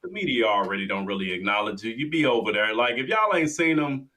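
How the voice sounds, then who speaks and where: Man, co-host, bright, forward voice, relaxed slangy delivery. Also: mid-range voice, fast talker. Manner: laid-back, slangy, storytelling. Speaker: podcast co-host. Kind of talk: casual sports talk.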